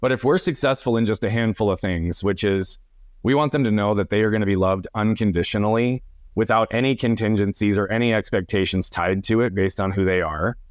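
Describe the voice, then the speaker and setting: Brief: middle-aged male host, low voice, reflective and earnest, dry sound. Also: dry recording. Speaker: podcast host. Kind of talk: conversational interview.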